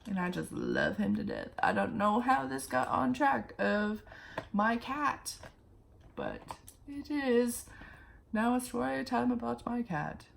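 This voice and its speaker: A woman's voice: fairly high pitch, huge pitch swings, slow, gravelly, slight background noise. A young woman telling a rambling, chatty story while getting ready on her vlog. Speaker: vlogger. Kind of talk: get-ready-with-me story time.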